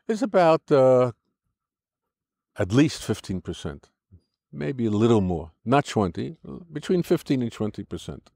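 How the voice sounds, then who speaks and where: A man's voice: mid-range voice, very animated, measured pace, vocal fry, darkish tone, dry recording. Older american guy being interviewed, lectures and argues, lots of restarts, dry close sound. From United States. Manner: argumentative, lecturing with many restarts and "look". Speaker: interview guest.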